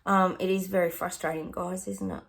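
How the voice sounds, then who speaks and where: Australian woman, middle-aged, rambling psychic chat, gravelly voice, lowish pitch. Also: little pitch movement, normal speed. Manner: chatty, rambling, many ums and asides. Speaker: psychic medium. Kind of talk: casual livestream predictions.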